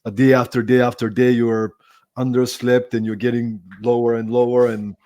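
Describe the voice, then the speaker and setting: A man's voice: mid-range voice, level tone, normal speed, darkish tone. A man hosting a podcast interview, responding with empathy and asking reflective follow-up questions. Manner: empathetic, reflective, asks probing follow-ups. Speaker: podcast host. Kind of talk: interview conversation.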